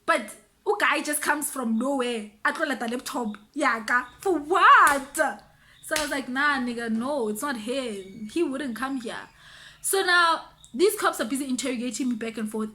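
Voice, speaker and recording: A young woman with a South African accent telling a story on her vlog, animated and quick to act out the other people's voices. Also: high voice, slight background noise. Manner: animated, switches between voices, mixes in local words. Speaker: vlogger. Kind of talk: casual storytime.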